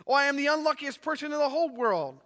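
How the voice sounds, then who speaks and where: A man voicing a lost, frightened young boy who pleads in a high, anxious voice, heard with long reverb. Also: brisk, sharp tone. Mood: terrified.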